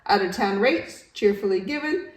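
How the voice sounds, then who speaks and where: A woman voicing a cheerful, self-important yak taxi driver who never stops talking, rattling on fast and loud. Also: animated, lightly acted. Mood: chattering. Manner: rattles on fast, loud and high-pitched, barely pausing. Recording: roomy, distant home recording.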